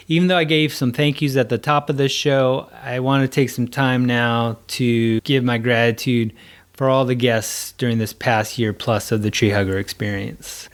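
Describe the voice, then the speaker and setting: Casual male podcast host, middle-pitched, easygoing, laughs often. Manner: relaxed, laughing, loosely phrased. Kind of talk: casual interview chat and outro.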